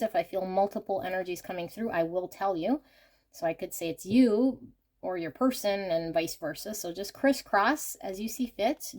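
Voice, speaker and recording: A woman giving an intuitive tarot reading, gentle and effusive, often exclaiming in delight as she talks while laying out cards. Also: lowish voice. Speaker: tarot reader.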